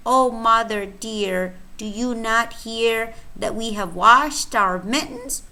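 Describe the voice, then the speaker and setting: A woman's voice: fairly high pitch, slow pace, pushed and bright, full character voice. A woman voicing a group of small, worried kittens in a nursery rhyme, reading in a sing-song, pleading way.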